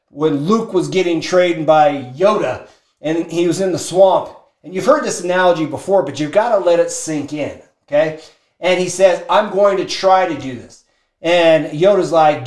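A man's voice: fairly high pitch, reverberant. A man giving a motivational talk, telling a story animatedly and acting out the people in it. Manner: animated storyteller, acts out quotes, shouts for emphasis. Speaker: motivational speaker.

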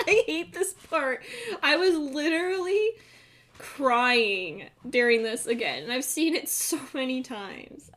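A woman's voice: high-pitched, expressive, slow pace, a bit bright. A young adult woman hosting a casual chat, retelling a film scene by scene in a profane, giggly way. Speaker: podcast host recapping a film.

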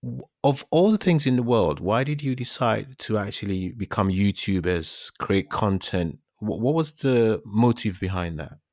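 A man hosting an interview about faith, asking reflective questions in a gentle way. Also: lowish voice, lively intonation, unhurried, no room sound, clean studio sound.

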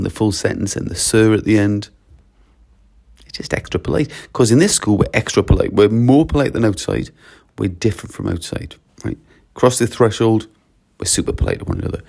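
A man's voice: fairly low pitch, gravelly, a little mellow, breathy edge. A man, a school leader talking in a casual solo podcast, chatty and anecdotal. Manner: chatty, anecdotal, acts out short exchanges.

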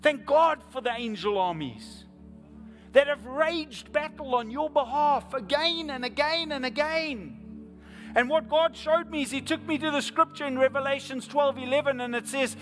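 A man preaching a sermon as pastor, swinging from hushed whispers to loud, impassioned appeals and repeating phrases for emphasis. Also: very high voice, lively intonation, moderate pace. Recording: long hall reverb, faint music behind.

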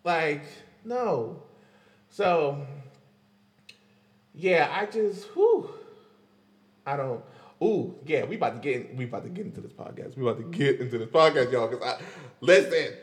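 A man hosting a podcast, chatting in a loose, animated way about pop music, with lots of fillers and frequent laughs. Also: a little high, a little slow, long pauses, big-room sound. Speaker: podcast host. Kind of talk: casual pop-culture commentary.

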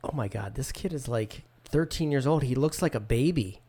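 A man's voice: mid-range voice, lively intonation, moderate pace, warm tone. A man co-hosting a casual podcast in an easygoing way, laughing often and reading out running results. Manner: easygoing, laughs often, reads stats out from notes. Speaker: podcast co-host. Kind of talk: casual chat.

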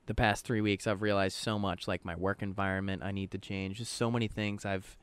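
A man's voice: lowish voice, flat delivery, a little fast, clean tone, no room sound. A man co-hosting a podcast, talking in a rambling, casual way and swearing often. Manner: rambling, swears often, quotes others in his own voice. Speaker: podcast co-host.

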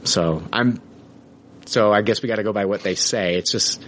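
A man's voice: on the low side, normal speed, fairly bright tone, slight background noise. A man hosting a podcast, rambling casually and swearing as he signs off the episode. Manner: rambling, profane, self-mocking. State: injured leg, in a splint. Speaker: podcast host.

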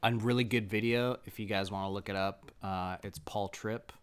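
A man's voice: on the low side, fairly even intonation, moderate pace, clean tone. A man on a casual faith podcast, speaking in a laid-back, reflective way.

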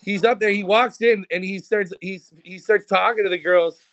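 A man's voice: sits high, steady tone, moderate pace, a bit bright, no echo. A man hosting a podcast, joking crudely and laughing often in casual banter. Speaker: podcast host. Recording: dull lo-fi podcast audio.

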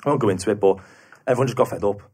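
A young man with a Scouse accent, a podcast guest telling stories in dry, quick casual chat. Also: on the low side, dark tone, breathy edge. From Liverpool, England.

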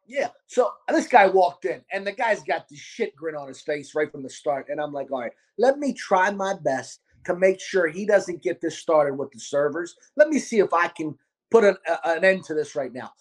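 A man with a Baltimore accent, hosting a podcast and telling a restaurant story in a loud, profane, animated way. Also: fairly high pitch, normal speed. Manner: animated, profane, acts out quotes. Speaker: podcast host, restaurant owner. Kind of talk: casual storytelling chat.

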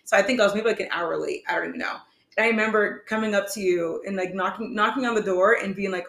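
A young woman co-hosts a relationship podcast, speaking in an earnest, rambling way and leaning heavily on "like". Her voice sits at a middling pitch. The room around her rings with a noticeable echo. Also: quick pace, a bit bright. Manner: earnest, rambling, heavy use of "like". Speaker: podcast co-host. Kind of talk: casual chat. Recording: echoey room.

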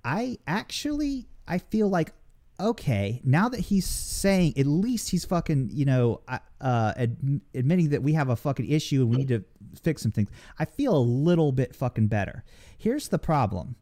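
A man's voice: fairly high pitch, very animated, normal speed, warm tone. A man in casual podcast chat, ranting with heavy swearing and many restarts. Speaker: podcast co-host.

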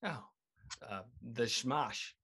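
A woman's voice: rumbling low, drawn-out words, bright, forceful tone, breathy edge. A woman co-hosting a podcast in casual chat, playful and giggly. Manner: playful, giggly, puts on silly voices. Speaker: podcast co-host.

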